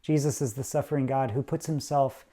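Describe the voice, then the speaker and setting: A man's voice: mid-range voice, fairly even intonation, brisk, dark tone. A man preaching a sermon as pastor, earnest and conversational, slipping into little quoted voices to make his point.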